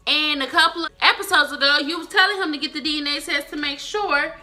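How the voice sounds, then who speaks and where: A woman's voice: on the high side, bright, forceful tone. A woman, recapping a reality show in a blunt, exasperated vlog style and swearing freely. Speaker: TV show reviewer.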